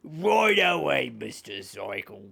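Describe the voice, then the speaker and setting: Game henchman: man playing a sly, mocking lanky thug, gravelly. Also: mid-range voice, sing-song, slow pace, sharp tone, voice pushed down, full character voice. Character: lanky male thug with a stun gun.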